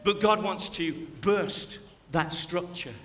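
A man's voice: sits high, slow pace, fairly bright tone, slight background noise. A man preaching a sermon in a church, impassioned and repeating key phrases. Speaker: pastor. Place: church sanctuary. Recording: long church hall reverb.

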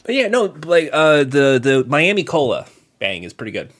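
Lively-voiced man chatting on a podcast. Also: a little high. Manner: halting, restarts, jokey trolling. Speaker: podcast co-host. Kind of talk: casual chat.

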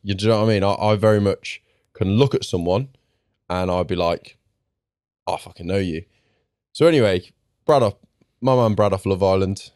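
A man's voice: fairly low pitch, brisk, clear, resonant tone, no room sound, studio quality. A man hosting a podcast, telling stories in casual chat and acting out what people said. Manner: animated storyteller, acts out quotes. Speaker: podcast host.

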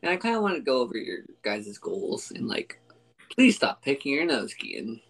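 A man's voice: mid-range voice, moderate pace, slightly rough, poor audio. Joking male podcast host. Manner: joking, relaxed banter. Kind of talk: casual podcast chat.

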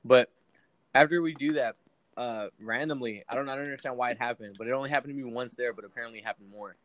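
A young man casually telling a story to friends, animated and full of swearing. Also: mid-range voice, fast talker. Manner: animated, swears a lot, acts out quotes. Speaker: podcast co-host.

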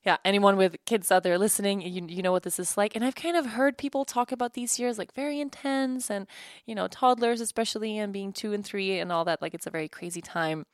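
A thirty-something woman hosts a solo podcast from home in a brisk, mid-range voice. She's candid and relaxed, laughing often and beginning sentences again. The audio is studio quality with no room sound.

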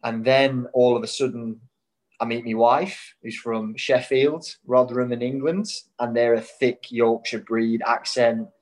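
A man's voice: mid-range voice, fairly even intonation, unhurried, darkish tone, low-quality recording. A young man from Australia, a national team footballer, with a Scouse-like Irish-Australian accent, chatting casually in an interview and rambling through restarts as he gets spirited. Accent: Irish-Australian mix, Scouse-like.

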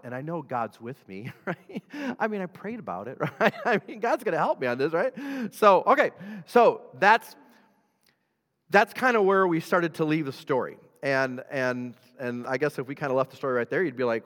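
A man's voice: sits high, very animated, normal speed, fairly bright tone, long reverb tail. A man preaching a conversational sermon, talking directly to his congregation and chuckling often. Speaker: pastor.

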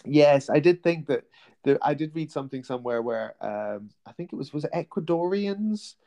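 A man's voice: fairly high pitch, animated, normal speed, vocal fry, dark tone. A man hosting a casual chat podcast, rambling and hesitant, with plenty of fillers as he feels his way through points. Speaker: podcast host.

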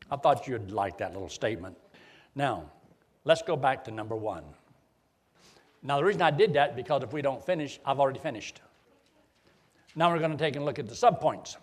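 A man's voice: medium pitch, brisk, pauses often. A middle-aged man preaching a sermon in a folksy, joking way. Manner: folksy, joking, animated delivery.

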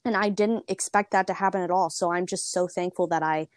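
A woman's voice: lowish voice, steady tone, a little fast, no echo, clean studio sound. A young woman, telling a personal story in casual chat, with lots of fillers and quotes she acts out. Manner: chatty, frequent "like" fillers.

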